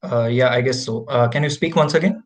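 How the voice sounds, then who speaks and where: A man's voice: medium pitch, fairly quick. A man moderating an online talk, polite and apologetic, often affirming the speaker. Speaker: webinar moderator. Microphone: video call.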